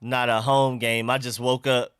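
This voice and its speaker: In this casual live-stream chat, a young host talks in a loose, conversational way and reads out comments from the chat. He has a medium-pitched, fairly bright, smooth voice with little pitch movement and a moderate pace. The studio-quality recording has no echo.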